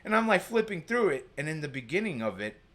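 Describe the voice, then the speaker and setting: A man's voice: on the high side, sing-song, fast, fairly bright tone. A man telling a personal story as a guest, rambling and packing his talk with filler words. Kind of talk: casual storytelling.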